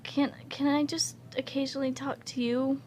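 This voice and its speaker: A woman voicing a shy, anxious young man in a fan fiction reading, stammering softly and repeating her words. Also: high voice, level tone, slight background noise, lightly acted. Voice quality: stammering, halting. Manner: soft, hesitant, repeats words. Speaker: guest reader.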